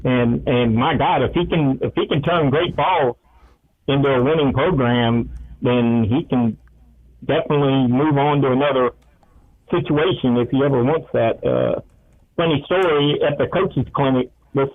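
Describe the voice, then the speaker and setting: A man's voice: medium pitch, moderate pace. A man, a radio sports talk co-host, telling chatty football stories and acting out the quotes. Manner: chatty storyteller, acts out quotes. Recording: tinny phone-like radio line.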